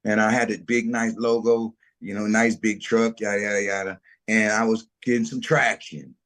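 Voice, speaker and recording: A man's voice: lowish voice, normal speed. A middle-aged man telling his food business story in a casual interview, acting out the voices of people he quotes. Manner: animated storyteller, acts out quotes, slangy. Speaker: food truck owner, guest.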